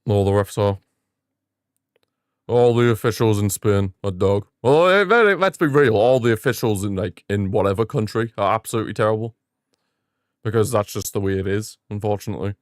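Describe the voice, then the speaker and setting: A young man hosting a live football watchalong, giving excitable fan commentary and ranting at the referee. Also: on the low side, moderate pace, no echo, clean studio sound. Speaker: watchalong host.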